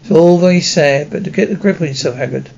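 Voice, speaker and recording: A man's voice: fairly high pitch, quick pace, vocal fry, darkish tone. A man voicing a stern, anxious older female witch professor in an audiobook reading. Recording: dull lo-fi recording.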